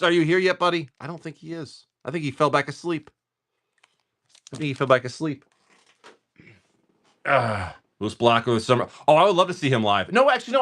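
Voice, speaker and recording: A middle-aged livestream card-breaking host chats casually and swears while opening card packs for viewers. He rambles through stories in a voice that is a little high and a bit bright.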